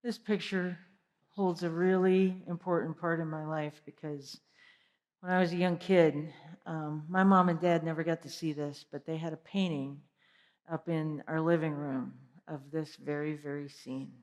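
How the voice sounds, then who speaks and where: A woman giving an energetic motivational keynote, asking the audience direct questions. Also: low-pitched, measured pace. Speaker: keynote speaker. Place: large conference hall. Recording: long hall reverb.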